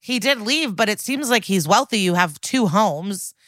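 Bright-voiced woman animatedly recapping a show. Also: mid-range voice, normal speed, no echo, clean studio sound. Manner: animated retelling with acted-out quotes and laughs. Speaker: podcast co-host recapping episodes. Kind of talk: casual chat.

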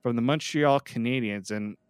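A man hosts a casual hockey podcast in a chatty, joking manner. His voice comes through smooth and clear, recorded close and dry with no room around it. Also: mid-range voice, moderate pace, no room sound. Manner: chatty, jokey, self-deprecating. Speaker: podcast host. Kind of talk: casual sports podcast chat.

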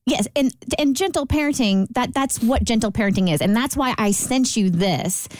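A woman's voice: on the high side, moderate pace, darkish tone, no echo. A woman co-hosting a talk radio show, explaining her views earnestly and firmly. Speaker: radio co-host. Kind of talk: casual talk radio discussion.

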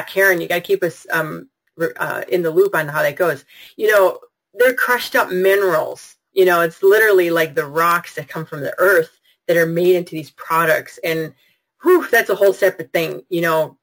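Gushy chatty woman running a live webinar, super excited, talks straight to the chat. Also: medium pitch, rough recording. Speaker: webinar host. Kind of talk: live online product webinar.

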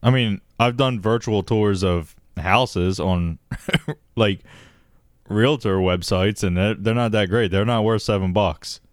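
A man's voice: lowish voice, takes it slowly, dry recording, studio quality. A man co-hosting a podcast, telling a story in casual chat, swearing and laughing often. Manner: profane, laughs often, says dude. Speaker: podcast co-host.

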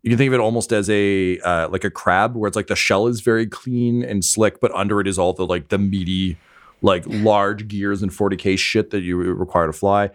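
A man's voice: on the low side, steady tone, brisk. A man narrating a tabletop game as game master, hesitant and full of filler words.

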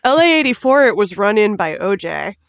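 A woman chatting as a guest on a comedy podcast, her voice sitting at an everyday middle pitch. She talks in quick, amused asides. The sound is dry and close. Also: animated, gravelly, dry recording. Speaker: guest writer. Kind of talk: casual podcast chat.

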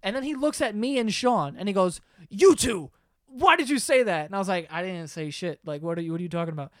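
A young man hosting a podcast, telling school stories to friends in a lively way, laughing, swearing and loudly acting out what people said. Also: high-pitched, quick pace, clear, resonant tone, dry recording. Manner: animated, laughing, swearing, acts out quotes loudly. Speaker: podcast host. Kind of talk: casual storytelling among friends.

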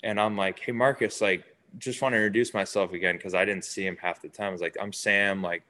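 A man's voice: low voice, brisk. A young man, a baseball player, casually telling stories in an interview and acting out what others said. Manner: animated, acts out quotes of others.

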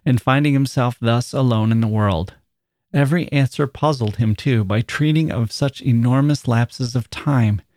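A podcast host reading a classic story aloud in a measured, expressive way. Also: male voice, mid-range voice, no room sound, clean studio sound.

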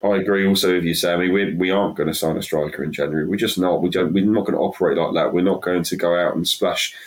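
A very low-pitched man in casual football chat. He talks emphatically, doubling up words as he gets going, in a loose and opinionated way. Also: fairly even intonation, fast. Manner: emphatic, repeats words as he builds up steam. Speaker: podcast co-host.

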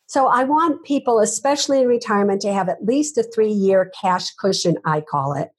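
A woman's voice: mid-range voice, moderate pace, breathy edge. A woman, a finance author, giving emphatic interview answers full of rhetorical questions.

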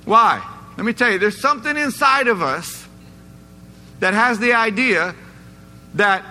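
A man's voice: high voice, lively intonation, unhurried, long pauses, bright, forceful tone, soft background music. A man pastor preaching a sermon in a church, emphatic and repeatedly asking the congregation questions. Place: church sanctuary. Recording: echoey church hall, faint noise.

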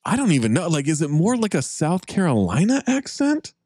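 A man co-hosting a podcast in casual chat, animated and joking with quick asides. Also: a little high, husky, dry recording, clean studio sound. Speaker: podcast co-host.

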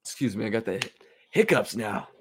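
A man's voice: on the low side, lively intonation, normal speed, a little hiss or hum. A young man hosting a sports betting podcast, talking through his picks in a chatty, confident, self-mocking way. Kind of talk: casual solo commentary.

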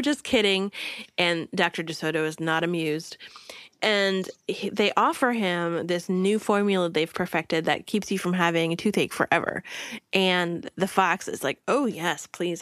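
A woman's voice: fairly low pitch, a bit bright, no room sound. Chatty woman co-hosting a book podcast. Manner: chatty, retells the story with quoted voices. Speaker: podcast co-host. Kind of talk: casual book chat.

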